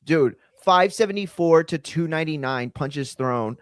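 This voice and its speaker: A man's voice: a little high, animated, a little slow, clear, resonant tone, no echo, studio quality. A man co-hosting a live fight watch-along stream, chatting casually and joking in loose slang.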